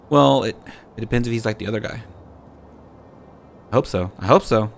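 A gaming channel host with a fairly low-pitched voice and vocal fry hosts a let's play at normal speed, pausing often. He comments on the game playfully and jokingly, talking back to the characters, with slight background noise.

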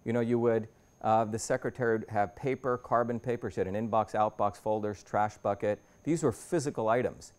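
A man's voice: lowish voice, steady tone, a little fast, darkish tone, clean tone. A man in his fifties giving a lecture to a university audience as an invited speaker. He talks the audience through his slides in a conversational way, restarting and rephrasing often.

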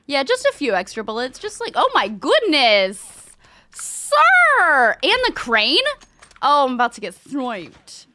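A woman streams a shooter game with excitable, cursing commentary. Her voice sits high and swings widely, with a bright edge. Faint noise sits under the recording. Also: measured pace. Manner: excitable, cursing, laughing often. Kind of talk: live gameplay commentary.

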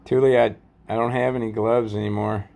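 A man casually rambling through a show-and-tell vlog about his collection, halting often with fillers and folksy sign-offs. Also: fairly low pitch, flat delivery, vocal fry, darkish tone. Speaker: coin collecting vlogger.

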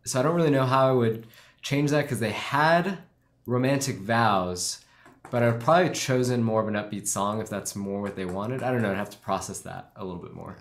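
A man's voice: medium pitch, a little fast. A man co-hosting a live stream, casually critiquing a wedding film and thinking aloud with many fillers. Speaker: wedding filmmaker co-host reviewing films.

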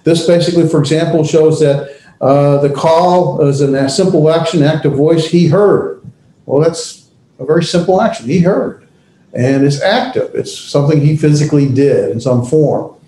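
A man teaching a class, speaking haltingly with many pauses and restarts. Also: fairly high pitch, mellow, roomy sound, rough recording. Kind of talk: classroom lecture.

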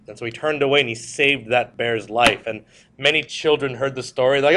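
A man's voice: a little high, moderate pace, fairly bright tone. Joking man giving a classroom lecture. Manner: joking, storytelling, asks the class questions. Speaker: history teacher.

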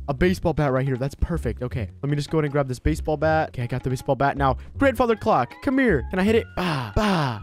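A man giving excitable let's play commentary as a mischievous baby in a game, full of gasps and exclamations. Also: high-pitched. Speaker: gaming YouTuber.

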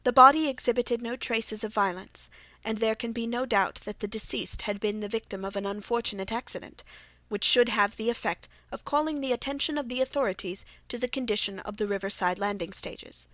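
A woman's voice: fairly high pitch, fairly quick, fairly bright tone, no echo, natural voice. A woman reading the part of Watson, a loyal male companion, in an earnest way in a dry audiobook recording.

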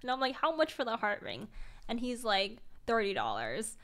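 A young woman streamer telling a story casually, acting out the quotes in a higher voice and laughing often. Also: animated, moderate pace, a bit bright.

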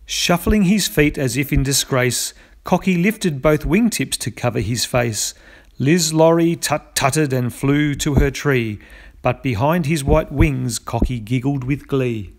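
A man's voice: mid-range voice, a little slow. A man narrating a rhyming children's storybook in a lilting, rhythmic way. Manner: lilting, rhythmic rhyme reading.

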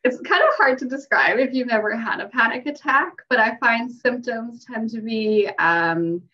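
Speaking at a moderate pace in an expressive, sharp-toned voice on the high side, a young mental health clinician tells her story on a podcast. The conversation is casual and chatty, peppered with fillers and frequent laughs, and the remote-call audio is dull and distant.

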